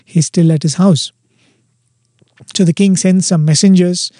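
Warm man telling a devotional story. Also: high-pitched, steady tone, no room sound, studio quality. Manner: measured, explanatory storytelling. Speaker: spiritual speaker.

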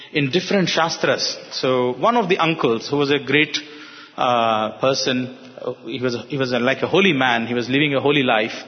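A man from Hyderabad, earnestly telling a personal story to an audience, halting with fillers. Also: mid-range voice. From Hyderabad, India. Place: hall with an audience. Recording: reverberant hall, dull sound.

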